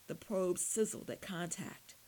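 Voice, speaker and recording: A woman reading a dark fantasy story aloud in steady audiobook narration. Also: lowish voice, unhurried, a little hiss or hum, rough recording.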